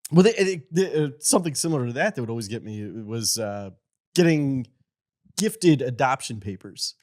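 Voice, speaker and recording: A man on a comedy podcast, giggling and reacting quickly in casual chat. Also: mid-range voice, lively intonation, darkish tone.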